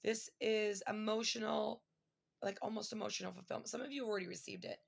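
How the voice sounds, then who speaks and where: A woman talks her viewers through a tarot spread in a loose, rambling way, full of fillers and openly emotional. Her voice is heavily creaky, with a strong vocal fry running through it, at a middling pitch. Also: steady tone, fast. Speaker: tarot reader. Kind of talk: casual tarot reading to viewers.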